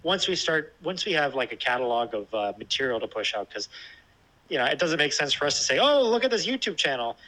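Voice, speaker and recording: Man, casual podcast chat, laid-back, dry humor, bright forceful voice. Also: mid-range voice, expressive, a little fast, rough recording. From lives in Texas.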